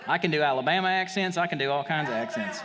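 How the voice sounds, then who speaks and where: A man's voice: expressive, big-room sound, a crowd in the background. A man giving a confident, salesy marketing talk on stage at a live event. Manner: fast, salesy, confident pitching. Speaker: marketing speaker.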